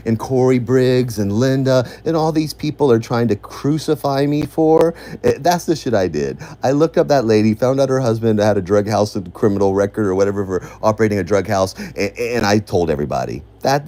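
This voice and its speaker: A man's voice: fairly low pitch, a little fast, hardly any pauses, mellow. A man in casual rambling commentary, laughing and accusatory as he goes over an online feud.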